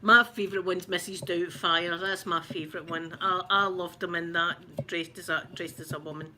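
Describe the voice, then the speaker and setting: A woman's voice: fairly low pitch, fairly even intonation, normal speed, pushed and bright, slight background noise. A middle-aged woman from Glasgow with a Glaswegian Scottish accent, chatting in a rambling, giggly way while unboxing makeup. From Glasgow, Scotland. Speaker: ASMR channel host.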